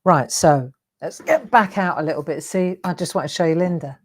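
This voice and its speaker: A woman with a fairly low voice leads a relaxed drawing tutorial. She talks chattily as she works, with a self-deprecating humour. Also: normal speed. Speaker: craft demonstrator hosting a live stream.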